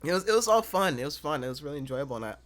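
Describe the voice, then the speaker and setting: Halting young man, lively voice. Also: fairly high pitch. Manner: halting, heavy with fillers and restarts. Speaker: host. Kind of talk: casual chat.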